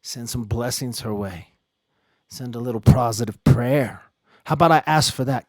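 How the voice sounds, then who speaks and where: A man hosting a casual live stream, rambling and joking, swinging between low muttering and loud outbursts. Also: moderate pace, no echo, studio quality. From Ireland.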